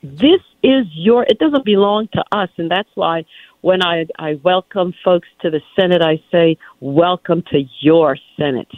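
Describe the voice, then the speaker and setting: A woman's voice: on the low side, measured pace, no room sound. Emphatic woman on a tinny phone line. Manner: emphatic, animated, preacherly calls to action. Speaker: lieutenant governor, guest. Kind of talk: political radio interview by phone.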